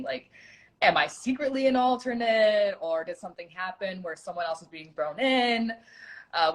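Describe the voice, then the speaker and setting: A woman who was once a contestant, chatting animatedly and poking fun at her own nerves in a casual interview. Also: fairly low pitch. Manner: chatty, animated, self-deprecating. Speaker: former contestant.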